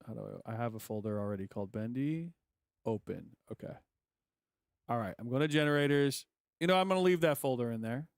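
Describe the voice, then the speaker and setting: A man's voice: medium pitch, brisk, no echo, clean studio sound. Frustrated man muttering through a plugin install. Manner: frustrated, muttering to himself, swears often. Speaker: music producer vlogger. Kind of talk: casual screen-recording chat.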